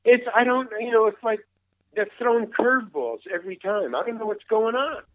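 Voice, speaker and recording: Here the older actor speaks as an interview guest, spinning loose, rambling tales full of restarts and acting out everyone's lines himself. His high-pitched voice is animated and brisk. The recording comes through a tinny, phone-quality line and is completely dry.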